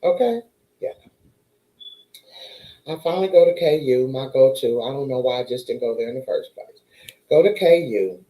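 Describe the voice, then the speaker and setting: A woman's voice: extremely low pitch, lively intonation, moderate pace, pauses often, dark tone, reverberant, rough recording. A woman chatting casually to her viewers, telling a story and acting out the voices of the people in it. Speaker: vlogger.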